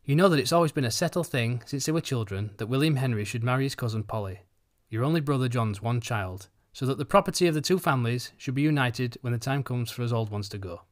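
A man voicing a sharp, fussy older farmer's wife who talks insistently and pitches up for emphasis. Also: quick pace, few pauses, close to an everyday voice.

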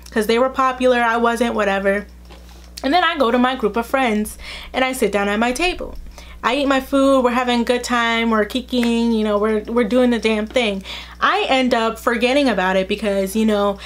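A young adult woman telling a casual storytime, chatty and full of "like", acting out the lines she quotes. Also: on the high side. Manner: chatty, fills speech with "like". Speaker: vlogger.

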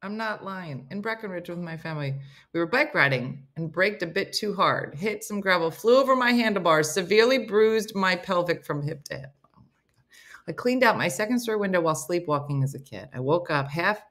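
A woman's voice: fairly low pitch, expressive, fairly quick, fairly bright tone. A woman hosting a comedy morning show, reading listener stories aloud with playful banter.

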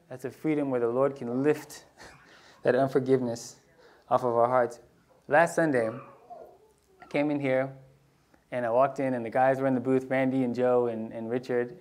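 A man's voice: medium pitch, steady tone, moderate pace, a little mellow. A male pastor preaching a conversational sermon, telling personal stories with casual asides and restarts. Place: church sanctuary.

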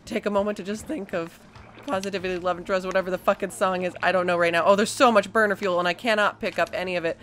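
A woman's voice: fairly low pitch, fairly even intonation, quick pace, fairly bright tone, a little hiss or hum. A young woman giving let's play commentary on a horror game, panicking and swearing as she talks back to the game. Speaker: gaming streamer.

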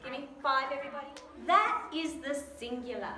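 High-voiced woman teacher in echoey classroom. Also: brisk, pushed and bright. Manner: encouraging, coaxing questions, spells out letters. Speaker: primary school teacher. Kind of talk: classroom spelling lesson. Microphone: camera at a distance. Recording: echoey room, far from mic, faint noise.

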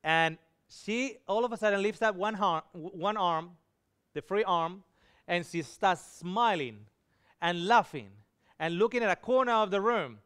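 A man preaches, telling a personal story with feeling. His voice sits high and sounds smooth and resonant. He acts out the people in the story as he goes. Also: expressive, measured pace, fairly bright tone. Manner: emotional storytelling, voicing quoted dialogue. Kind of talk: sermon testimony.

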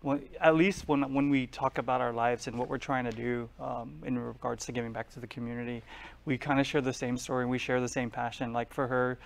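A man's voice: mid-range voice, level tone, fairly quick, vocal fry. A young man talking casually in an interview, chatty and often saying "like". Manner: chatty, laughs, says like often. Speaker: political candidate.

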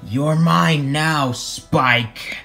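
A man voicing a cruel male dinosaur monster in a plush toy play, delivering slow, drawn-out threats. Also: fairly high pitch, gravelly, bright, forceful tone, faint music behind, exaggerated voice. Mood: menacing.

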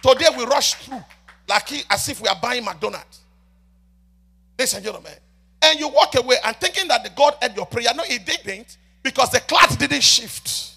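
A man preaching a sermon as a prophet, swinging between loud shouts and soft murmured prayer and repeatedly addressing the congregation. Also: very high-pitched, animated, normal speed, vocal fry, husky. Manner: repeats "ladies and gentlemen" often.

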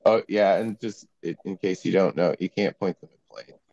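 A man's voice: deep voice, moderate pace, gravelly, a little mellow, lo-fi sound. A young man telling a story in a casual, rambling way full of fillers, heard over a video call. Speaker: panel guest.

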